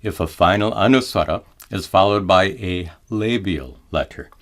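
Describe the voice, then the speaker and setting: A middle-aged man teaching Sanskrit chanting in a measured, calm manner, pausing to chant each example slowly. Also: deep voice. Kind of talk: slow explanatory lesson with chanted examples.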